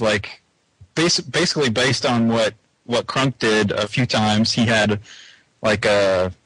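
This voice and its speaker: A man's voice: medium pitch, a bit bright, no echo, rough recording. A man co-hosting a casual podcast chat, talking hesitantly and restarting often. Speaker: podcast co-host.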